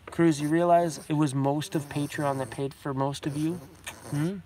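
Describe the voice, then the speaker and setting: A man's voice: a little high, steady tone, normal speed, warm tone, a little hiss or hum. A man, hosting a casual livestream chat in a rambling, heartfelt way and talking fondly to his dog. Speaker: vlogger host.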